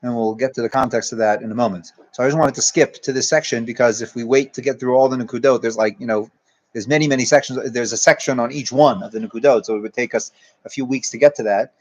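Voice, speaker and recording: A rabbi teaching a Torah class, speaking in a mid-range, steady voice that is quick and a little mellow. He works through his ideas discursively, restarting often and using Hebrew terms.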